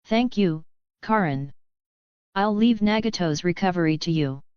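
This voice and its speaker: A woman reading the lines of a calm, reassuring young male ninja leader in a web novel audiobook. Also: lowish voice, unhurried, smooth, no room sound, muffled recording.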